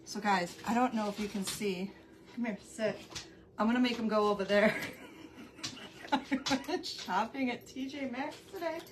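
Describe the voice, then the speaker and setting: A woman's voice: on the high side, normal speed, background noise. A woman hosting a casual craft live stream at home, rambling and easily amused, often breaking off to greet viewers by name. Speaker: craft livestream host. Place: at home with her dog.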